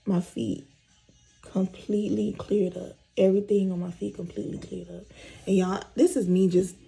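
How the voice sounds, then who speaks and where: A woman's voice: medium pitch, level tone, moderate pace, vocal fry, warm tone, soft background music, poor audio. A woman vlogger chatting candidly with viewers while doing her makeup, repeating herself as she tells her story. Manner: candid, repetitive storytelling addressing viewers as y'all.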